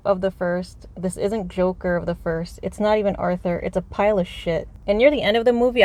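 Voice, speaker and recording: A woman's voice: medium pitch, a little mellow. A woman ranting about a movie from inside her car, exasperated and profane, rambling from point to point. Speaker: movie reviewer. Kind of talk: unscripted rant.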